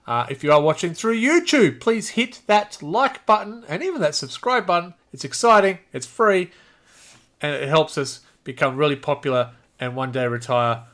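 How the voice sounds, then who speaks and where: A man's voice: on the high side, animated, normal speed, a bit bright. An Australian man hosting a casual podcast chat, joking and laughing often between remarks. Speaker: podcast host.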